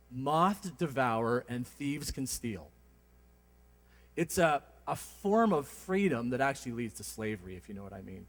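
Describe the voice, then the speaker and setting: Man preaching, fairly high voice, casual storytelling sermon, church hall echo. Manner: conversational, animated storytelling with humor. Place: church sanctuary. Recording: long hall reverb.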